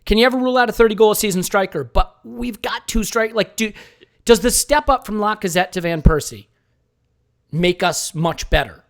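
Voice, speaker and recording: Man, podcast host, high voice, jokey and rambling, casual live chat. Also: moderate pace.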